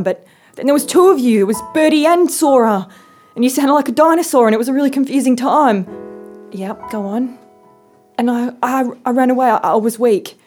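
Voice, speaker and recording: A woman's voice: a little high, darkish tone, lightly acted. A woman voicing a middle-aged father who croons at a conference and stammers when caught, in a comedy sketch. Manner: croons then stammers sheepishly.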